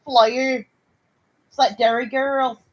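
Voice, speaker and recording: A woman co-hosting a casual podcast, throwing in quick jokes and swearing. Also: fairly high pitch, expressive, bright, forceful tone, highs cut off. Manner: quick jokey interjections, swears. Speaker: podcast co-host. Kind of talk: casual unscripted chat.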